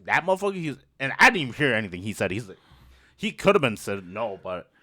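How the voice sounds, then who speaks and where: A man's voice: fairly low pitch, very animated, fairly quick, bright, forceful tone, dry recording, clean studio sound. A young man hosting a podcast, telling school stories casually, swearing freely and laughing often. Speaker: podcast host. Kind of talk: casual storytelling chat.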